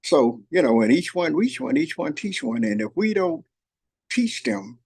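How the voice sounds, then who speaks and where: Gravelly older man telling family stories. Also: fairly high pitch, sing-song, moderate pace, darkish tone. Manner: earnest, folksy, repeats phrases, voices his granddaughter in quotes. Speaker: host. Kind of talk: heartfelt storytelling chat. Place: workplace shop.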